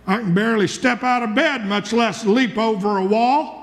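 A male pastor preaching a fervent sermon in a church, with rhythmic repetition and bursts of shouting. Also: high-pitched, moderate pace, in a large hall.

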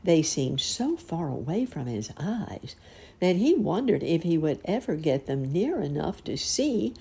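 A woman reading a children's story aloud, unhurried and expressive. Her low voice is dark and gravelly with a husky roughness, and it moves through a lively melodic range. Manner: slow, expressive.

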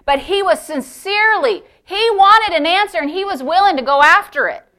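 A middle-aged woman pastor preaching a sermon, swinging between loud, emphatic exclamations and hushed, near-whispered storytelling. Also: very high-pitched, animated, moderate pace, hardly any pauses.

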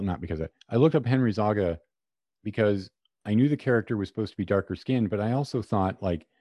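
Male podcast host, low warm voice, dry close mic; musing conversational delivery. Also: no echo. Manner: conversational, thinks out loud. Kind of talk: casual podcast chat.

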